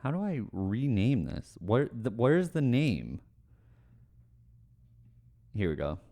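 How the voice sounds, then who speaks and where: A man's voice: mid-range voice, big pitch swings, takes it slowly, dark tone. Man ranting casually on a livestream. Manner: ranting, sweary, self-deprecating with laughs and apologies. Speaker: streamer answering chat questions.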